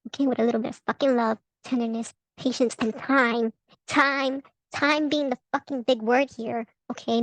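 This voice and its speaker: High-voiced woman ranting in a vlog. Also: no room sound, low-quality recording. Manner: profane, heated, laughing between rants. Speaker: tarot vlogger.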